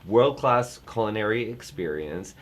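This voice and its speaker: A middle-aged man in the travel business chatting casually, telling a rambling story with many restarts and animated bursts. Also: fairly low pitch, a little slow. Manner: rambling, self-interrupting storyteller who gets animated. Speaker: travel industry guest. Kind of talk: casual chat.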